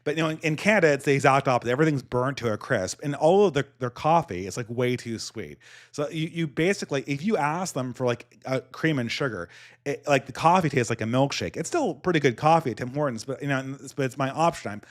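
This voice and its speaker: A man's voice: mid-range voice, animated, fast talker. A man with a Californian accent and a slight lisp, telling rambling stories with many restarts as a podcast host. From United States. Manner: rambling storytelling with many restarts and frequent laughs. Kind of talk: casual chat.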